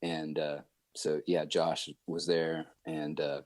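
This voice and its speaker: A man guesting on a podcast, telling stories in a chatty, animated way with lots of fillers. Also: a bass voice, takes it slowly, no room sound. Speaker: guest musician. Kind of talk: casual podcast storytelling.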